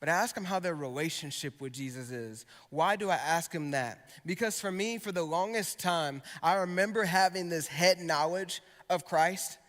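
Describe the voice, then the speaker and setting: A man's voice: on the high side, normal speed, hardly any pauses, fairly bright tone. A young man, a youth pastor, preaching to students in a conversational way, with personal stories. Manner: conversational preaching with storytelling asides. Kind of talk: sermon to students. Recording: long hall reverb.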